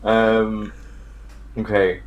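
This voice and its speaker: A man's voice: fairly low pitch, level tone, dull audio. A man playing a tabletop game, chatting casually, swearing and hesitating. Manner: swearing, laughing, halting and unsure. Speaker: player.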